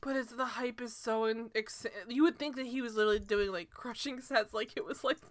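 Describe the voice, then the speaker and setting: A woman's voice: fairly high pitch, a little fast, no room sound. A young woman co-hosting a podcast, chatting casually and animatedly about a sitcom, often laughing and going off on tangents. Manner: animated, laughing, rambling with digressions. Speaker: podcast co-host. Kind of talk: casual chat recapping a sitcom.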